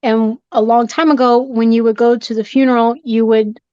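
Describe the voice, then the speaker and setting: A woman guest on a podcast, telling a spooky story in an animated, jumpy way and acting out her own scared reactions. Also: fairly high pitch, normal speed, no room sound. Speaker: guest, shop owner and horror collector. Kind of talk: excited storytelling in a podcast chat. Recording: dull dry podcast audio.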